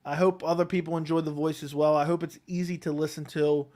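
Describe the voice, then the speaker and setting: Relaxed man chatting on a live stream. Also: fairly high pitch, quick pace. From Connecticut, USA. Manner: relaxed, rambling, answers chat questions one by one. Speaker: MMA YouTube host reading live chat. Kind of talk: casual live-stream chat. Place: home, seated in a chair. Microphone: close desk microphone.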